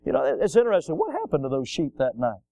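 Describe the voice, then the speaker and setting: A middle-aged man preaching a sermon as pastor. He talks emphatically, rising to loud peaks, and slips into folksy stories that he tells to the congregation. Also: a little high, wildly swooping pitch, fast, dry recording. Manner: folksy storytelling asides.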